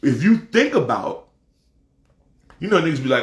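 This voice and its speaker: A man's voice: medium pitch, very animated, moderate pace. Man ranting profanely in an echoey room. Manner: profane, emphatic, rising to shouts. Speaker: commentator. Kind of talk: heated casual rant.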